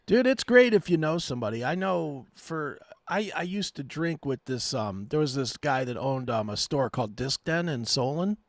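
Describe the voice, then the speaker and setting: A male co-host telling a profane, self-mocking story in animated casual chat. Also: mid-range voice, normal speed, few pauses, no room sound.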